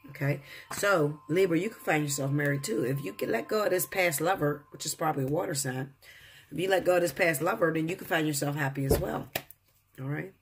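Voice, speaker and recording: A man's voice: fairly high pitch, a little fast, a little hiss or hum. A man giving a casual tarot reading to his viewers, blunt and profane, lecturing them. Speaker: tarot reader.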